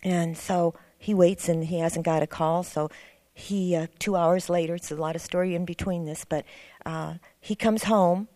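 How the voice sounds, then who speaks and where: Sharing a testimony in her church class, a middle-aged woman tells an earnest, wandering personal story and restarts several times. Her voice is low and dark, with fairly even intonation and a moderate pace, recorded dry.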